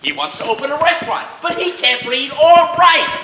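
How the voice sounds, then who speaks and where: Actor doing a wise-guy brother, sarcastic and pushy, bright lively voice, echoey far-off stage sound. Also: high-pitched, slight background noise. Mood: shouting. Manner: fast, sarcastic interrogating, rising to shouts. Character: blustering tough-talking man, Bella's brother Louie. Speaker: stage actor in a school play. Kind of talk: live stage acting. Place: school theater stage.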